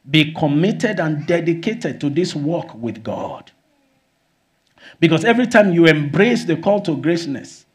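A man preaching a sermon as pastor, often exclaiming hallelujah and rising to shouts. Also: fairly high pitch.

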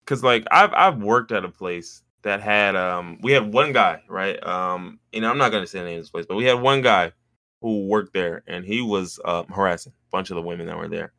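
A man co-hosting a podcast, telling a story in casual chat and jumping into high mimicking voices when he quotes people. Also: moderate pace, creaky, sharp tone, dry recording, studio quality. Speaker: podcast co-host.

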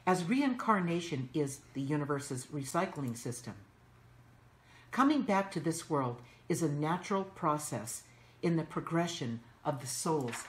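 A woman's voice: low voice, echoey room. A woman hosting a spiritual channeling show, giving soothing, instructive guidance and repeating cues like "okay". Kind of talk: guided spiritual talk.

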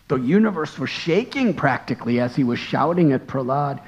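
A man, a monk and spiritual teacher, telling a devotional story in a sermon with slow, earnest, dramatic delivery. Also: mid-range voice, expressive, muffled recording.

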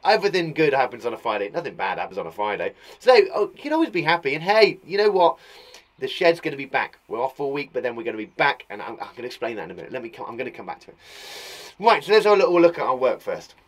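A young English man teaching young children, bubbly and animated as he reads out their work. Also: mid-range voice, fast talker. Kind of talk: lively children's lesson.

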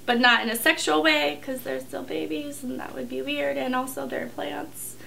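Giggly high-voiced young woman, allergies. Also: steady tone, normal speed, vocal fry, very noisy. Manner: silly, giggly, rambling. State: congested from allergies. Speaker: vlogger. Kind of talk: goofy blooper reel chat.

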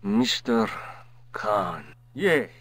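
A jumpy, evasive tailor in a classic adventure game. He answers in wary, clipped phrases at an ordinary pitch. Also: huge pitch swings, very slow, vocal fry, fairly bright tone, breathy edge, no room sound, full character voice. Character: nervous evasive male tailor.

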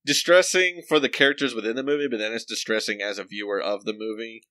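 A man's voice: lowish voice, fairly even intonation, fast, sharp tone, no echo. A young man co-hosting a casual movie podcast, sharing film trivia in a chatty way. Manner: talkative, shares film trivia. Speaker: podcast co-host. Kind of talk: casual chat.

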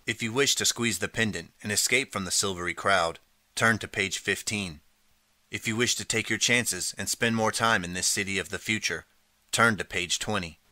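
A man reading a choose-your-path storybook aloud in the second person, steady and clear. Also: lowish voice, moderate pace, no echo. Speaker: audiobook narrator.

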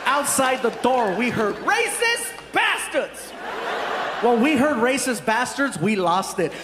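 Stand-up comic, man, very high voice, animated storyteller, live hall with loud crowd. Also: moderate pace, heavy background noise. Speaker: stand-up comedian. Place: large live venue. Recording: live stage mic, roaring crowd.

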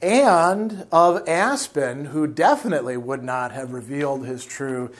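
A man's voice: medium pitch, measured pace. A man who lectures on a novel, reading passages aloud and explaining them with fillers and self-corrections.

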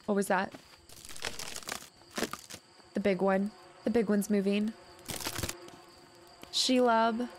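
Woman, let's-play commentary, excitable, repeats words, slow talker. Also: medium pitch, slight background noise. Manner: excitable, repeats words rapidly when panicked. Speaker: video game streamer. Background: loud game music.

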